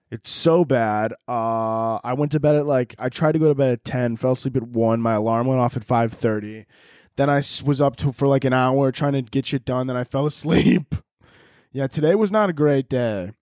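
A man's voice: fairly high pitch, a little mellow, no room sound, studio quality. A young man hosting a solo podcast, rambling crudely and laughing at his own jokes while lying on pillows at home. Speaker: podcast host. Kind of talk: casual solo podcast rant. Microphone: headphones and podcast mic.

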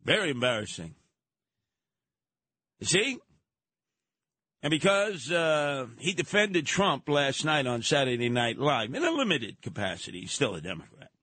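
A man's voice: mid-range voice, very animated, measured pace, pauses often, bright, forceful tone, dry recording. A man hosting talk radio, giving an emphatic, mocking, opinionated monologue. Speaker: radio talk show host.

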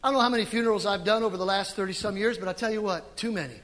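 A middle-aged man preaching a sermon as pastor, animated and emphatic, with sudden loud swells. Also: sits high, racing, long reverb tail. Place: church sanctuary.

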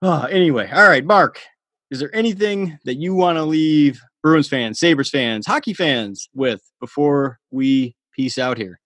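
A man hosting a podcast, chatting casually with a guest, upbeat and quick to laugh. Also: fairly high pitch, animated, fairly bright tone, no room sound. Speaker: podcast host. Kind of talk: casual interview chat.

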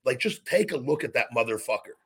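A man's voice: medium pitch, very animated, quick pace, creaky, a crowd in the background. A man hosting a podcast, ranting in anger with heavy swearing and repeated phrases. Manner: angry, profane, repetitive rant. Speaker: podcast host. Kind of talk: heated podcast rant.

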